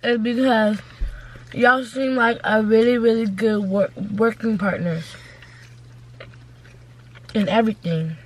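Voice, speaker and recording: A woman's voice: a little high, fairly even intonation, takes it slowly, long pauses, low-quality recording. A young woman guest in a casual eating video, answering questions briefly and agreeably. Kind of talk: casual chat.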